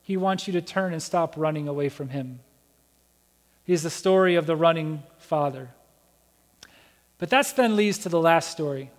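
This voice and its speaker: A man preaching as a pastor, telling a story with animated acted-out voices. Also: fairly high pitch, moderate pace, pauses often. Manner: animated storytelling, acting out Bible characters' voices. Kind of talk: sermon. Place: church sanctuary. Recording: church hall reverb.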